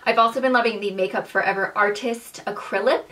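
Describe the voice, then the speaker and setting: A woman's voice: mid-range voice, fairly even intonation, fairly quick, a bit bright, far from the mic. A young woman chatting about her favorite beauty products in a bubbly, gushing way, full of fillers. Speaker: beauty vlogger. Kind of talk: casual monthly favorites chat.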